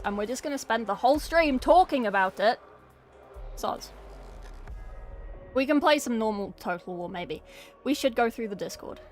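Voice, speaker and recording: Chatty woman streamer, slightly high voice. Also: a bit bright. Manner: chatty, rambling, swears freely; talks to chat, thanks followers. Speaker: game streamer. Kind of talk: casual live-stream chat.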